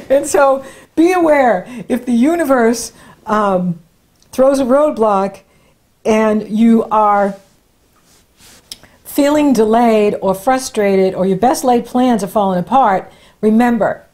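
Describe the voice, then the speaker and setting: A woman astrologer talks through a horoscope reading in a relaxed, chatty way. Her voice sits a little high, and she often laughs between points as she offers encouraging advice. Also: slow. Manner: warm, encouraging advice-giving. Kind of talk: casual spoken horoscope reading.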